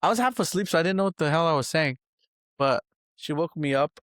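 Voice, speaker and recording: A young man in casual podcast chat, his voice sitting a little high for a man. He tells stories with easy laughs and casual swearing. The sound is close and dry. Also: animated, brisk, a bit bright, no room sound. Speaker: podcast co-host.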